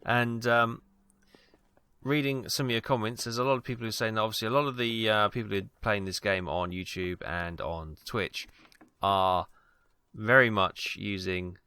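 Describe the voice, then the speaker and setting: Gravelly, rambling British let's-play host. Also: male voice, lowish voice, steady tone, normal speed, bright, forceful tone. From Wales. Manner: rambling, hesitant, many ums and asides. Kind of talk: casual gameplay commentary.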